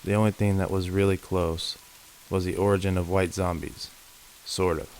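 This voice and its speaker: A man reading first-person creature horror stories as scripted narration, in a slow, measured, ominous manner. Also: sits low, flat delivery, darkish tone, slight background noise, poor audio. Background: faint rain.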